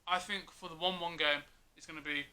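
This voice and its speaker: A man in a casual football chat, asking quick questions and pressing his points. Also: on the high side, fairly even intonation, bright, forceful tone, a little hiss or hum.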